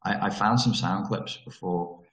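A man's voice: low-pitched, measured pace, a bit bright, reverberant, low-quality recording. A man talking frankly over a video call about trauma recovery, digressing and restarting his sentences. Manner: candid and digressive, with frequent restarts.

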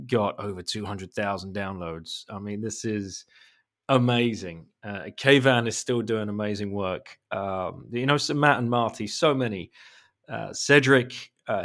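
Effusive podcast host, low voice. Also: male voice, fairly bright tone. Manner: enthusiastic, effusive, rambling. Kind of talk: casual chat.

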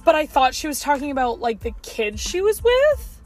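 A woman's voice: high voice, very animated, darkish tone, faint music behind. A young woman in her car telling a story to her phone in a chatty vlog, with lots of "like". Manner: chatty, fast, heavy use of "like". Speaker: vlogger.

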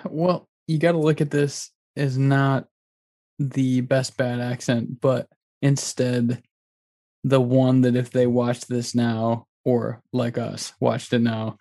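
A man co-hosting a casual comedy podcast, easygoing and quick to chuckle. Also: mid-range voice, level tone, mellow. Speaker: podcast co-host.

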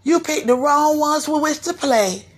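A woman from Florida hosting her own podcast, giving a slangy, animated commentary rant and slipping into mimicry of others. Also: high voice, measured pace. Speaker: podcast host. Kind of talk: ranting commentary monologue.

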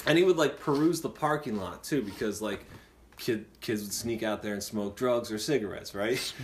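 A man's voice: fairly low pitch, moderate pace, a little hiss or hum. A male podcast host telling a comedic story in a loose, casual way, laughing as he goes and swearing freely.

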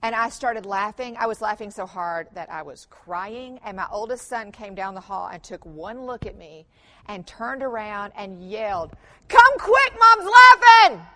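A middle-aged woman giving a conference workshop talk, telling family stories with humor and lively emphasis. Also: medium pitch, normal speed. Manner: animated storytelling with humor, mixes in quoted voices. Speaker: conference speaker.

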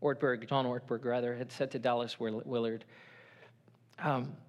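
A man's voice: mid-range voice, little pitch movement, moderate pace, a little mellow. A middle-aged man preaching a sermon in church, earnest and conversational, acting out quotes as he goes. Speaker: pastor.

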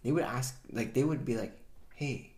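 Relaxed wry man chatting. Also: mid-range voice, brisk. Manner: relaxed, wry, laughs at his own jokes. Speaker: podcast co-host. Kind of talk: casual chat.

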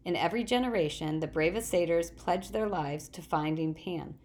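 A woman's voice: fairly low pitch, normal speed, darkish tone, lightly acted. Woman reading as a sad young satyr. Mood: earnest. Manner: pleading, wistful, indignant at humans. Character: earnest young male satyr, gentle and troubled.

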